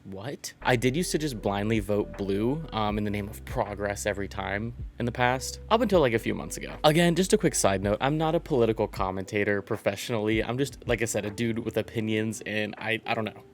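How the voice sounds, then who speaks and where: A man's voice: fairly low pitch, quick pace, few pauses, a little hiss or hum. A man in his twenties from Virginia, rambling through a casual opinion vlog, swearing and laughing often. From Virginia, USA. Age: 20s. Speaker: vlogger.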